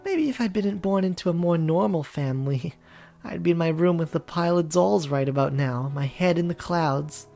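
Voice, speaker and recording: A man's voice: fairly high pitch, normal speed, gravelly, dark tone, soft background music. A man voicing a headstrong, cynical young woman in a visual novel reading, brusque and teasing. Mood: wry.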